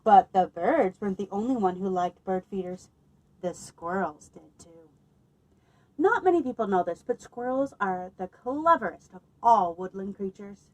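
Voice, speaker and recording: Expressive woman reading to children. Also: mid-range voice, normal speed, low-quality recording. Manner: expressive, lively, asks listeners questions. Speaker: children's librarian. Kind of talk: children's story time read-aloud.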